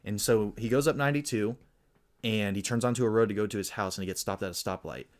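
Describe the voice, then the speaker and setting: A young man co-hosting a casual podcast, spinning a long, rambling story with a fairly low voice. He acts out the lines of the people in his tale as he goes. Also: fast talker. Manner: rambling, animated storyteller who acts out quotes. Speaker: podcast co-host.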